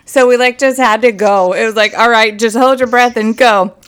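Young woman cohost, high bright voice, laughs a lot and swears telling stories. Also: fairly even intonation, normal speed, smooth. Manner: laughing storyteller, swears freely. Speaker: podcast co-host. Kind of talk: casual chat.

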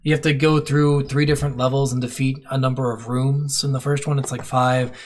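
A man's voice: mid-range voice, little pitch movement. A man co-hosting a video game review podcast in a casual chat, swearing often and acting out quotes. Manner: swears freely, quick to act out quotes. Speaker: podcast co-host.

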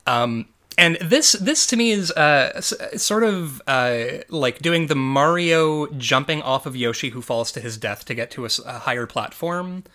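Animated, bright-voiced man chatting casually. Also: on the high side, unhurried. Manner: animated, rambling with many fillers and restarts. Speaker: podcast co-host. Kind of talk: casual chat about movies.

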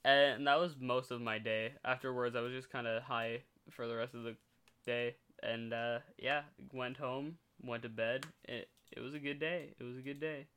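A man's voice: mid-range voice, steady tone, normal speed, sharp tone, smooth. A teenage man casually telling a rambling story as a podcast co-host, swearing freely and laughing often.

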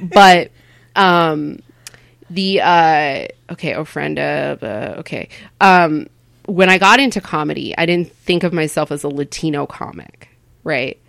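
Rambling, animated woman comedian. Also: sits low, measured pace, creaky, no room sound. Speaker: stand-up comedian, podcast guest. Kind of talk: casual interview chat.

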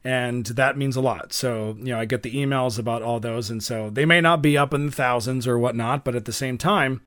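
A young co-host on a podcast tells stories in casual conversation, his mid-range voice a bit bright, a little fast, and fairly even in intonation. He rambles, restarting often and using plenty of fillers.

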